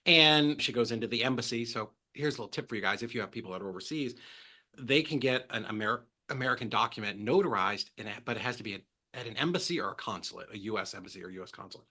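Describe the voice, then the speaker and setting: A man talking as a podcast guest, telling animated stories and acting out quotes with big jumps in pitch. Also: quick pace. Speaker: guest, real estate transaction coordinator. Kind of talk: casual podcast storytelling.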